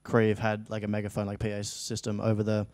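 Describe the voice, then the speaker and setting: A young Australian man chats as an interview guest, telling loose, rambling stories with plenty of fillers. His voice sits on the low side and sounds smooth and clear. The studio sound is dry and close. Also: monotone, fast, darkish tone, dry recording. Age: young adult. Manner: rambling storytelling, frequent fillers. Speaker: actor guest. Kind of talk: casual interview chat.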